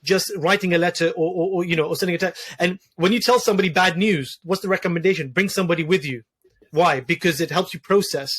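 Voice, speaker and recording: A man in his thirties speaks in an earnest, reflective way, his voice sitting a little higher than most men's. He often circles back, restarting phrases and repeating words as he searches for what to say. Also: steady tone, quick pace, a bit bright, husky. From Wales. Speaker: podcast guest, doctor. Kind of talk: reflective personal conversation.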